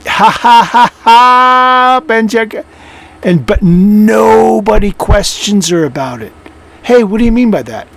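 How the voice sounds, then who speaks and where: A man commenting on a video clip, mocking and incredulous, repeating himself and swearing as he talks. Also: sits high. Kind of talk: sarcastic reaction commentary.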